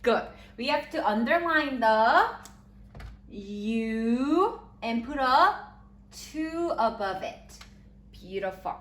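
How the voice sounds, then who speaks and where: A woman teaching a third-grade spelling lesson, slowly sounding out letters and giving encouraging praise. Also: fairly high pitch, expressive, a bit bright. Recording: echoey room with faint ambience.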